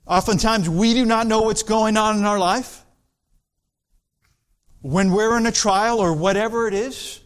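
A man preaching an expository sermon as pastor, slow and deliberate, building to emphatic passages. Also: sits high, clean tone.

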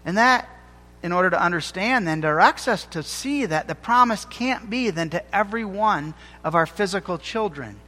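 A man delivers a sermon in a high, lively voice that climbs and falls with every point. He leans on key words, slowing right down to stress them, and his voice rings out with a long echo from a church hall. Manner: emphatic preaching with slowed, stressed phrases. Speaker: pastor.

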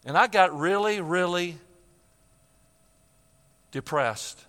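A man's voice: high-pitched, slow, a bit bright, long reverb tail. An older man preaching a sermon, telling a personal story with emotion and repeated phrases.

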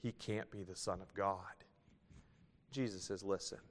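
A man's voice: deep voice, steady tone, moderate pace. Preacher man in a reverberant hall. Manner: folksy, reads scripture aloud and tells jokes. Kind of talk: sermon.

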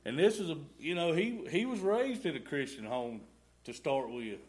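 A middle-aged man gives a rambling, folksy testimony in a church sanctuary, full of "y'all" and "ain't." His slightly high, a little mellow voice has lively intonation at normal speed.

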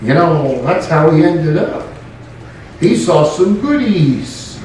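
A male pastor preaching a sermon in an animated way, with joking asides. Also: on the high side, slow pace, slight background noise. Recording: very echoey room, mic far off.

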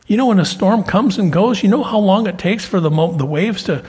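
A middle-aged male pastor preaching with animated swings in pitch. His voice sits a little high and sounds husky. It rings out with the long reverb of a church sanctuary. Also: fairly quick. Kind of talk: sermon.

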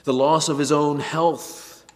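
A man preaching a sermon, emphatic, swinging between a hushed voice and a raised one. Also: on the high side, steady tone, slow pace, in a large hall. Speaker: pastor.

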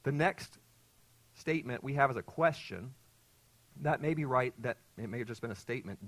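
A male pastor works through a passage for his congregation in a mid-range voice. He teaches earnestly, pauses to quiz his listeners, and swells in volume on the points he wants to stick. The recording is close and dry. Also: mid-range voice, lively intonation, no echo, rough recording. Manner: earnest teaching, quizzing listeners, surging louder on key points. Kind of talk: expository sermon to a congregation.

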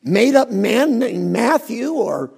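A middle-aged man preaching a sermon in a folksy, storytelling way, his voice pitched high and gravelly. He swings widely up and down, with a husky edge to every phrase. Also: takes it slowly. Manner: folksy, animated storytelling with asides. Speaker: pastor.

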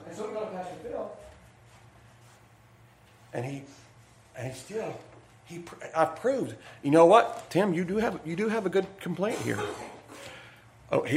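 Preaching a midweek sermon, this pastor's voice sits high and is a little mellow, with big pitch swings, an unhurried pace, and long pauses. He tells folksy, joking stories to make his point, and the church sanctuary echoes around him.

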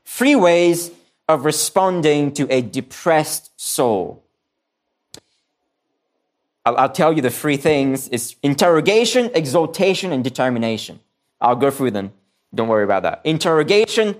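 A man preaching a sermon, earnest and repeating key phrases for emphasis, sometimes restarting his words. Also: on the high side. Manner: restarts and stumbles on some words.

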